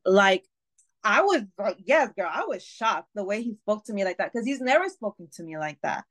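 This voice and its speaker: A woman's voice: medium pitch, very animated, normal speed, a bit bright. A woman guest on a podcast, telling a personal story candidly, with swearing, fillers and restarts. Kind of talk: casual storytelling.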